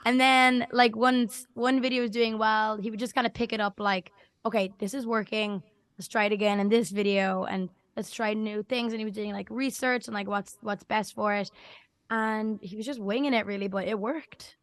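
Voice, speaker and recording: A woman's voice: mid-range voice, steady tone, moderate pace, dry recording. A young woman with an Irish accent, a singer talking casually in an interview, chatty and full of "like". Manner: chatty, fills with "like" a lot. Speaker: singer-songwriter guest.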